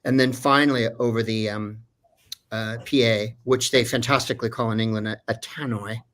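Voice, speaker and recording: A man's voice: medium pitch, fairly even intonation, moderate pace, a bit bright. A man who is a voice actor telling a story in a casual way, rambling and digressing with many fillers. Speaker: voice actor guest.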